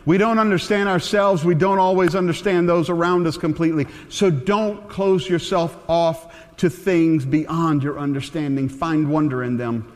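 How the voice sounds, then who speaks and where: A man in his forties preaching a sermon, talking in an earnest, conversational way that drops soft and tender at times. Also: fairly high pitch, steady tone, normal speed, hardly any pauses. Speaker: pastor. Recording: long hall reverb.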